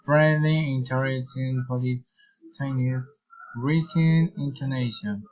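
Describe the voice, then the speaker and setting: A man with a Colombian Spanish accent, reading English intonation practice sentences aloud in a slow, deliberate way. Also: medium pitch, lo-fi sound. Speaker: English learner.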